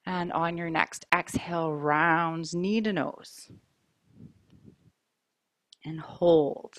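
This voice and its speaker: Yoga teacher lady, low-ish voice, super slow calm cues, dry close mic. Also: no room sound. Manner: calm, slow, mindful cueing. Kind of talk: guided yoga class instruction. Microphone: wearing a mic.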